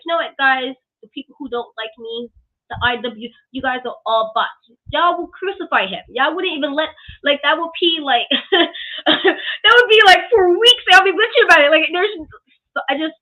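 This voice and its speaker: A woman reviewing wrestling in casual chat, ranting with sarcastic asides. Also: high-pitched. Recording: tinny phone-like call audio.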